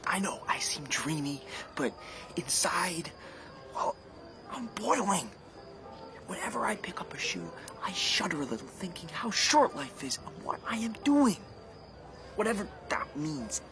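A man's voice: high-pitched, sing-song, measured pace, music in the background. A restless, brooding young man. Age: young adult. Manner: sardonic, brooding, drops to a whisper. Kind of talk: stage drama acting.

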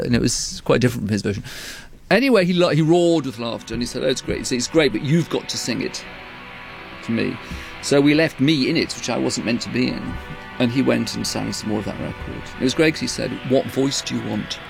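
A man's voice: medium pitch, gravelly. A man casually telling a studio story, rambling and correcting himself as he goes, with a chuckle now and then. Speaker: musician telling a studio anecdote. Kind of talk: casual anecdote.

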